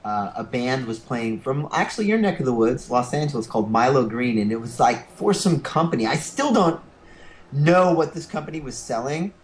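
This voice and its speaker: A man's voice: mid-range voice, lively intonation, moderate pace. A man co-hosting a comedy news podcast, joking irreverently and laughing often. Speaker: podcast co-host. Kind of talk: casual comedic chat.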